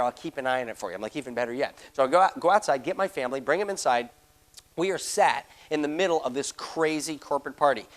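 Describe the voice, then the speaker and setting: A middle-aged man giving a motivational seminar, telling a story fast and acting out the voices of the people in it. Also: on the high side. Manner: rapid-fire, acts out quoted voices. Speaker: motivational speaker.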